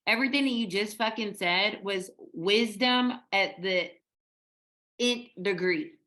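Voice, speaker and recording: A woman's voice: mid-range voice, measured pace, a bit bright. A woman co-hosting a podcast in casual spiritual chat, emphatic and blunt, swearing casually. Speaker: podcast co-host.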